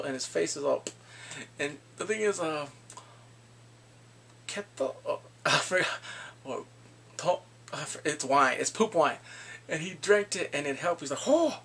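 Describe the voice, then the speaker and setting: A man giving a casual recap of drama episodes. He talks in an animated way, acts out the characters and laughs often. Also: on the high side, vocal fry, slightly rough. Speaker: drama reviewer.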